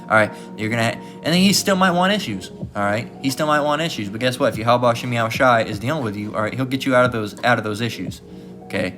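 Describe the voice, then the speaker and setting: A fast-talking Bible teacher with a medium-pitched, somewhat bright voice preaches a casual sermon over soft background music. He teaches from scripture in an informal, repetitive style, continually asking "okay?" and "all right?".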